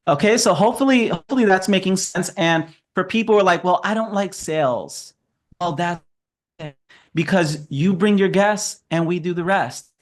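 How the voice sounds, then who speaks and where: A man with a notably high voice runs a relaxed training session over a video call. He talks in a chatty, upbeat way and laughs often as he walks through his advice. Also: normal speed. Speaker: sales trainer. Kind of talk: casual training talk.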